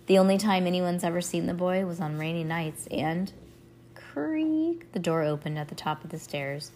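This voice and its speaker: A woman reading a children's chapter book aloud at home, animated, with little sound effects. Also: lowish voice, fairly quick, slight background noise. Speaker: reader.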